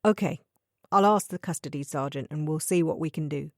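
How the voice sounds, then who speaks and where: A woman's voice: low voice, brisk, darkish tone, no echo, studio quality. A woman voicing a hesitant, officious young male police officer in an audiobook thriller. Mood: grudging.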